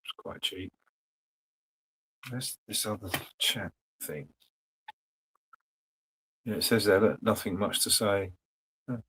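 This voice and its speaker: A man's voice: fairly low pitch, slow pace, pauses often, bright, forceful tone, slight background noise, rough recording. A man hosting a casual livestream, rambling dryly and talking to the chat. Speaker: host.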